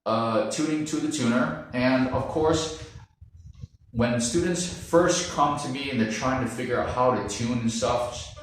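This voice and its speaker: A man's voice: medium pitch, unhurried, soft background music. A man teaching strings, talking casually and checking in with his listeners as he explains. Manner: relaxed, chatty, checks in with "okay?" and "yeah?". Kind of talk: casual instructional talk to camera. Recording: very echoey room, mic at a distance.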